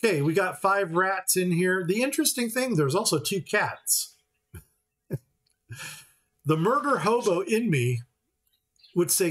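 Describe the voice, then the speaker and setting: Slow, relaxed man explaining gameplay. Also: high voice, low-quality recording. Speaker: gaming channel host. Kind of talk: game playthrough commentary.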